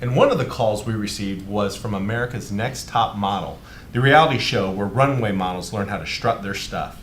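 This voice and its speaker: A man playing a lawyer in a comedy sketch, explaining things in a deadpan way. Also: fairly low pitch, moderate pace, reverberant, slight background noise.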